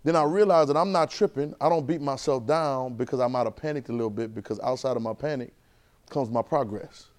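A man's voice: mid-range voice, a little fast, darkish tone. A man, preaching a sermon and drawing responses from the congregation. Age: 30s. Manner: call-and-response with the congregation, conversational and emphatic.

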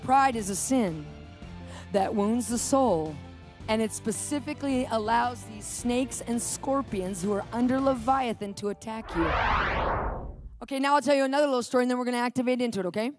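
High-voiced woman preaching. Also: fairly quick, music in the background. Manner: animated storytelling, acting out quotes. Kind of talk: sermon with personal story.

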